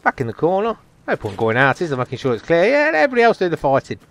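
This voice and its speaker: A man's voice: a little high, huge pitch swings, racing, a bit bright. A man giving jokey, chatty, self-mocking commentary over a video game. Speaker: gameplay commentator. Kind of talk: casual gameplay commentary.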